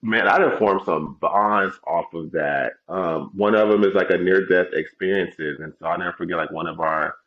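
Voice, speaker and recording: Very deep-voiced, laid-back young man. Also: moderate pace, few pauses, roomy sound, highs cut off. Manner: loose, laid-back and profane. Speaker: podcast co-host. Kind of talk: casual chat.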